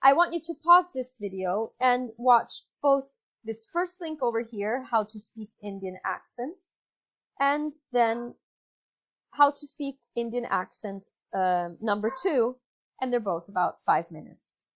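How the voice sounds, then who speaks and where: A woman with an Italian accent leads a recorded online English lesson in a patient, instructive way, pausing on fillers and correcting herself. Her voice sits a touch high. The sound is dull and lo-fi, as from a laptop microphone. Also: expressive, a bit bright. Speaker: English teacher. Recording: dull lo-fi computer mic.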